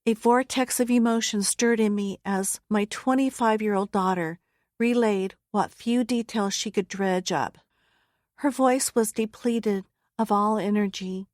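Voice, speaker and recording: Woman memoir narrator, mid-pitched voice, steady and earnest, close dry studio read. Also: no room sound. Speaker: audiobook narrator. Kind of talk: first-person memoir narration. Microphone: close studio mic.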